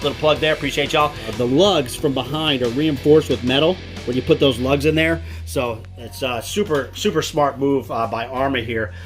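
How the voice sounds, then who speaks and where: A man's voice: mid-range voice, normal speed, few pauses. An enthusiastic, chatty man, giving a casual product walkthrough with many fillers. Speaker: RC product reviewer. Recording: music playing underneath.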